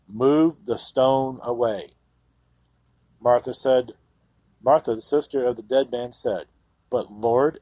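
This radio show host and Bible teacher has a husky, dark-toned, mid-range voice, recorded with no room sound. On his Christian program he reads Bible passages and comments on them in sermon style, earnestly and emphatically, sprinkling in frequent "you know"s.

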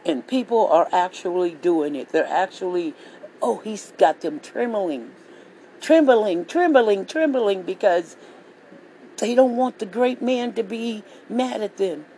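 Gravelly voice, angry monologue, profane, repetitive, faint hum behind. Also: medium pitch, animated, measured pace, dark tone, rough recording. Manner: profane, repetitive, heated ranting. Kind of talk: angry political rant monologue.

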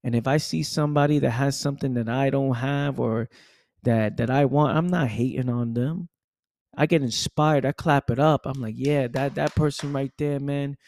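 A man's voice: medium pitch, normal speed, vocal fry, darkish tone, no room sound. A man giving an emphatic motivational monologue, repeating himself and dropping "right?" and "man" asides. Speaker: motivational speaker.

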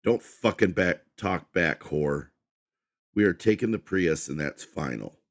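Guy doing a nasty short-fused dude, snapping and cussing, gravelly. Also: low-pitched, expressive, measured pace. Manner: snapping, shouting, swearing. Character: rude short-tempered young man, abusive.

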